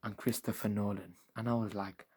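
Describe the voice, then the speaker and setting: A man, an ASMR creator telling a long, rambling, absurd story in a soft-spoken way. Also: on the low side, steady tone, fairly quick, breathy edge.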